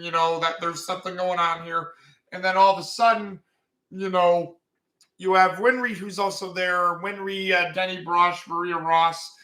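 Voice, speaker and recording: Bright high-voiced man recapping loosely. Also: roomy sound, poor audio. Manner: rambling, heavy with fillers like "you know". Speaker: anime episode reviewer. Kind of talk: casual episode recap.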